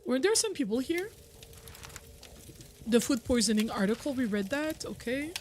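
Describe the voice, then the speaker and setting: A woman's voice: high voice, sing-song, moderate pace, darkish tone, slight background noise. A young woman streaming a video game, chatting casually and rambling with frequent laughs. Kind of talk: casual gameplay commentary.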